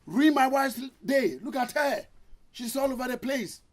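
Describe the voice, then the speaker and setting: A man's voice: very high voice, expressive, unhurried, voice pushed up, heavily acted. A man voicing an insulted male customer who indignantly complains about a rude parrot.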